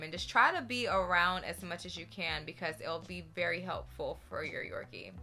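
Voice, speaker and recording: Lively woman host for a pet-care vlog, bright voice, very expressive delivery. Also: mid-range voice. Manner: animated, expressive talker. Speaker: dog-training vlogger. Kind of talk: casual advice vlog.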